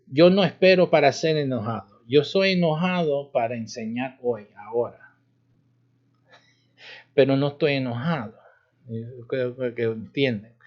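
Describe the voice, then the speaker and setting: A man pastor giving an informal sermon teaching, with a demonstrative manner, acting out stern warnings and chuckling. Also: mid-range voice. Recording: dull lo-fi livestream audio.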